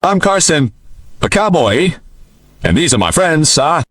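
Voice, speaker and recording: A man's voice: a little high, very animated, unhurried, fairly bright tone, no room sound, pitched above the performer's own voice, full character voice. A man voicing a bold, defiant young cowboy in a narrated western story.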